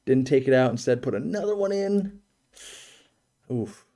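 A man's voice: mid-range voice, lively intonation, unhurried, warm tone. A man hosting a live stream, giving a casual, joking commentary on a virtual home tour and thinking aloud with many restarts.

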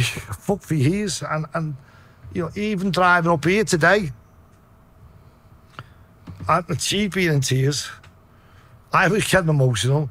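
A middle-aged man with a Liverpool accent, telling his story in a blunt, sweary interview. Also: a bit bright. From Liverpool, England. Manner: blunt, sweary, low-voiced retelling. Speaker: podcast guest.

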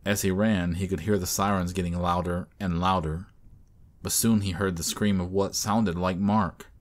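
Deep-voiced man narrating a horror story. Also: fairly even intonation, moderate pace.

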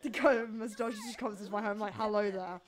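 A woman's voice: fairly high pitch, steady tone, quick pace, a crowd in the background. A woman giving casual, giggly commentary while playing a life-sim game, talking to the characters on screen. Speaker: gaming video creator.

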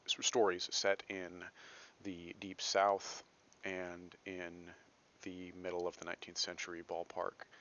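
A very low-voiced man from Texas walks through a literature lecture in a chatty, self-deprecating way. His tone is bright and forceful despite the depth. The recording is dull and lo-fi. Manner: conversational, self-deprecating asides, frequent "right?".

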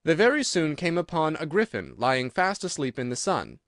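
A man narrating a storybook audiobook in an expressive storytelling manner. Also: fairly high pitch, normal speed, no echo, clean studio sound.

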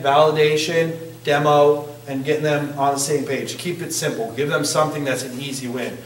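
A man's voice: on the high side, slight background noise. Male vocal coach, casual and joking, quizzing his class; recorded distant in a reverberant room. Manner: chatty, joking, asks the group questions. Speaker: singing instructor. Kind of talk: casual workshop teaching. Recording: echoey room, distant mic.

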